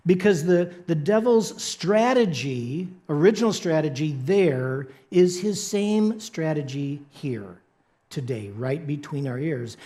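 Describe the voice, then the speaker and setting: A man's voice: sits high, mellow. A man preaching a sermon in a church, playful and joking with the congregation. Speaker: pastor. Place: church sanctuary.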